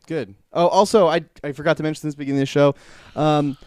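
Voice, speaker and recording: A man's voice: a little high, fairly even intonation, quick pace, darkish tone, dry recording. A young man hosting a casual podcast from a bedroom studio, easygoing and rambling. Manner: easygoing, rambling, laughs often. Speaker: podcast host. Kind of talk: casual chat.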